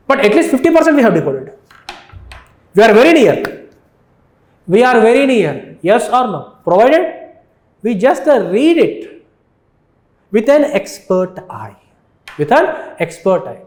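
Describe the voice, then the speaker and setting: A man with an Indian accent gives an exam lecture in a high voice. He repeats his phrases and keeps asking the students yes or no. The room is echoey. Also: darkish tone. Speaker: teacher.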